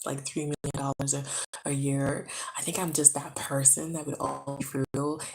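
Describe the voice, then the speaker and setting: A tired woman vlogging from home, chatting to the camera in a hushed, low voice so she does not wake a sleeping baby. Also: little pitch movement, moderate pace, soft background music, poor audio. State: tired from being awake too long. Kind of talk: casual chat to camera. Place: home, indoors. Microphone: camera close up.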